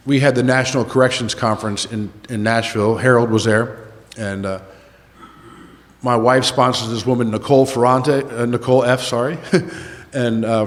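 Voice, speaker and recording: An older man telling a rambling, self-mocking story to a recovery meeting, with many fillers. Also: mid-range voice. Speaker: recovery speaker. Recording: echoey hall.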